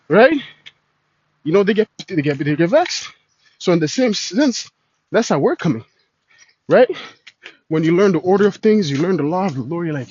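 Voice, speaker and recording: A man's voice: high voice, big pitch swings, a little fast, a little mellow, a little hiss or hum. A man preaching in a casual street style, slangy and full of "man" and "you know". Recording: dull lo-fi recording.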